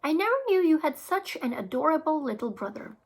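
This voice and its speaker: A woman's voice: sits high, sing-song, a little fast. A woman voicing an eager, friendly schoolgirl. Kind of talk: children's book read-aloud.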